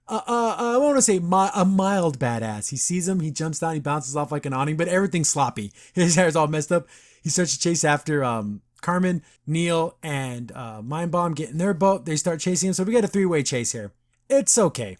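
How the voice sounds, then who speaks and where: Guy chatting thru a cartoon recap on his podcast, kinda high voice, pitch jumps all over. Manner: animated storytelling with quick quoted asides. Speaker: podcast host. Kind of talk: casual episode recap.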